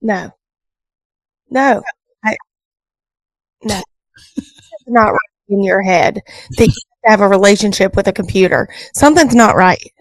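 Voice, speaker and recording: A woman's voice: mid-range voice, measured pace, long pauses, dry recording, low-quality recording. A woman co-hosting a morning radio show, arguing her point firmly and indignantly. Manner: indignant, firm. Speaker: radio co-host. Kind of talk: casual morning-show chat. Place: radio studio. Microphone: studio microphone.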